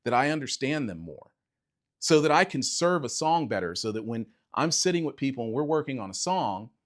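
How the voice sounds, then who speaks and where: A middle-aged man, a bassist, telling a reflective personal story to camera in a casual conversational way, acting out quoted dialogue. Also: sing-song, a little fast. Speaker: bassist and video creator.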